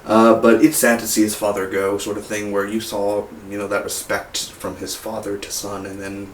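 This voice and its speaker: A man's voice: fairly low pitch, level tone, moderate pace. A man reviewing a movie in casual talk, rambling with many fillers and restarts. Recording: roomy echo, mic far off, faint hiss.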